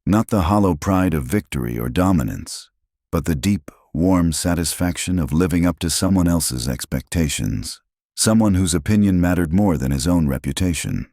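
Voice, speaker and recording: A man with an extremely deep voice reads a science fiction story in steady, even scripted narration. The sound is dry and close to the mic, with no room around it. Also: normal speed, no room sound.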